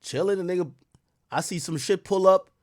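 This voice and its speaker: A man hosting a live stream, telling a story in a profane, excitable way that swings from loud outbursts to low mutters. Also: normal speed, dry recording, clean studio sound. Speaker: streamer host.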